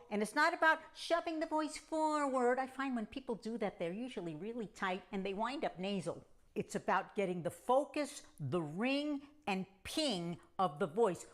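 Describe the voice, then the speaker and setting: A middle-aged woman vocal coach teaching a singing lesson, demonstrating hums and scales as she explains. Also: mid-range voice.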